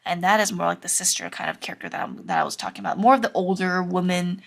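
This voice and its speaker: A woman's voice: fairly low pitch, fairly even intonation, fast, gravelly. A young woman teaching anime drawing in a casual, chatty way, with lots of fillers and some self-conscious giggling. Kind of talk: casual drawing tutorial narration.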